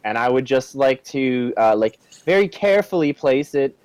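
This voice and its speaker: A man's voice: medium pitch, lively intonation, normal speed, darkish tone, clean tone, no echo. Hesitant male player, dry sound. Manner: hesitant, stammering. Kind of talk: tabletop game play.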